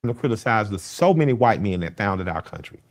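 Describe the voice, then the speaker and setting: A man's voice: fairly low pitch, very animated, brisk. A man making an earnest, pointed argument in an interview.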